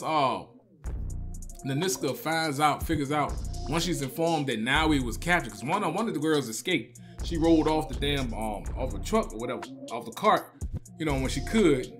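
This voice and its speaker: A man retells a movie in a loose, heartfelt review, tossing "man" into nearly every line. His voice sits a little high and rings bright and forceful. Faint music plays under him. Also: normal speed. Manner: animated, emotional storytelling with slang and repeated "man". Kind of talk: casual spoken movie review.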